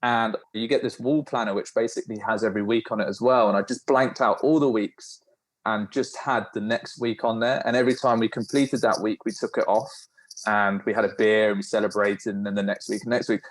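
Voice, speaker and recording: A man, a podcast guest, telling animated, informal stories from his own experience. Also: on the low side, a little fast. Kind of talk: storytelling in a podcast interview.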